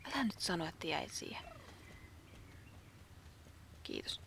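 Woman muttering quiet gameplay asides. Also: fairly low pitch, expressive, moderate pace, whispered. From Finland. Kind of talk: casual gameplay commentary.

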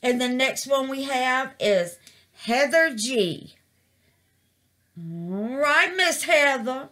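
Gushing woman, bright slow talk. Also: high voice, animated. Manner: gushing, calls viewers baby and y'all. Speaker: resin craft vlogger. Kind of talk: casual craft vlog.

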